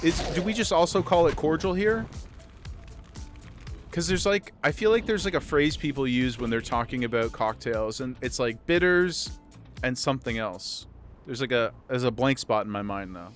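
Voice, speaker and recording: A man's voice: medium pitch, moderate pace, faint music behind. A man livestreaming a game, chatting casually with his viewers in a rambling way and often restarting his sentences. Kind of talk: casual chat with viewers while gaming.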